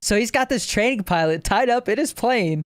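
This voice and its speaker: A man's voice: high-pitched, expressive, moderate pace, no echo. Young male co-host, rambling and amused, recorded dry. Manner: rambling, laughs at his own stories. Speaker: podcast co-host. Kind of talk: casual chat.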